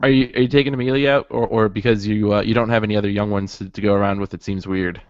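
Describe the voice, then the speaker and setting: Male podcast co-host, casual and halting, dry dull recording. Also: lowish voice, steady tone, smooth, no echo. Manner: chatty, laughs easily, halting with many restarts. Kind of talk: casual chat. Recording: dull lo-fi audio.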